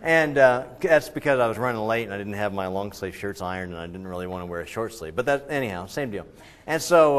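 A man preaching a sermon in a church, talking with the congregation, asking them questions and swinging between loud and quiet delivery. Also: lowish voice, a little fast. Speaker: pastor.

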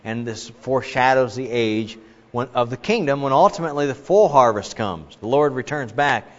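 A man with a mid-range voice preaches a sermon at normal speed, emphatic and full of asides and restarts. The recording is muffled, with long reverb from a large hall.

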